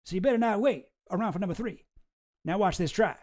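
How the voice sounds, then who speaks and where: A man impersonating a folksy president, drawling, garbled sayings, high voice. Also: fast, a little mellow, close to an everyday voice. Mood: blustering. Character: folksy middle-aged male president, cocky and rambling.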